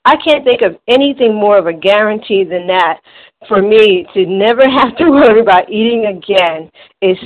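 A woman's voice: medium pitch, animated, moderate pace. A woman sharing at a phone-in recovery meeting, reading a passage aloud and stressing words with enthusiasm. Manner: emphatic, enthusiastic, reads aloud. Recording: tinny phone line.

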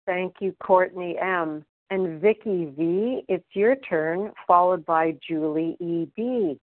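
A woman chairing a meeting, calmly calling on speakers by name in turn. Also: fairly low pitch, takes it slowly, dry recording. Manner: orderly, reads out names. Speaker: meeting leader. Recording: tinny phone line.

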